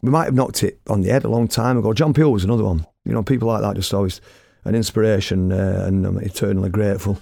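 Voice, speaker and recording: Gravelly man telling stories. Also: lowish voice, fast, no room sound. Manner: lively, blunt, self-mocking. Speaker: radio presenter and storyteller. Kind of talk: casual anecdotal storytelling.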